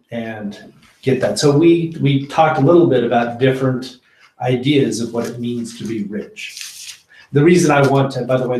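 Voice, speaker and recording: Male pastor, casual Bible-study teacher, chatty and halting, mid-pitched, roomy echo. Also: a little mellow. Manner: conversational, many fillers and restarts. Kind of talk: informal Bible teaching with discussion.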